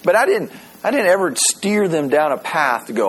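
A man preaching a sermon, animated and conversational, stumbling over repeated words as he starts sentences and slowing down to read scripture aloud. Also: fairly high pitch, breathy edge. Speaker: pastor.

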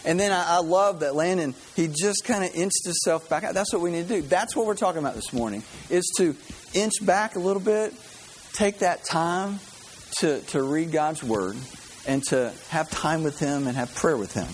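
A man's voice: on the high side, lively intonation, moderate pace, a little hiss or hum. A man giving a conversational sermon to a congregation, acting out the voices of the people he quotes. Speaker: pastor.

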